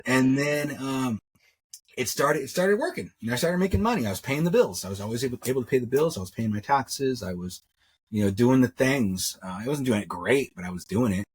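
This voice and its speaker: A man's voice: mid-range voice, expressive, fairly quick, slightly rough. A middle-aged man, a jewelry maker, telling his story in a rambling, casual way, repeating words and acting out what others said. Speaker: interview guest, metalsmith.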